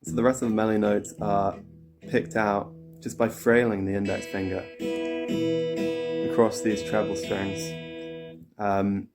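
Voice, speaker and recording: Male guitar teacher, low voice, casual step-by-step explaining, loud guitar playing behind. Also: level tone, unhurried, pauses often. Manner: explains step by step, counts and sings pattern syllables while playing. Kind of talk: casual instructional talk. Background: acoustic guitar playing.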